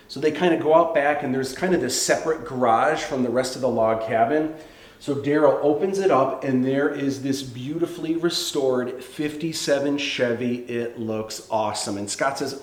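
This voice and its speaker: A man teaching screenwriting in a lively, conversational way. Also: mid-range voice, normal speed. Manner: animated, conversational. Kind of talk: instructional talk. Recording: roomy echo.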